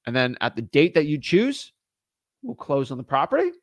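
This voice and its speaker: A young man coaching on real estate deals in loose, casual talk, his voice rising a little high and swinging widely as he gets exasperated. He keeps slipping into quick impressions of the people he argues with. The sound is dry and close, with no room around it. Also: dry recording. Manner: animated, exasperated, acts out sellers and attorneys in quick asides. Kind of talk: casual teaching monologue.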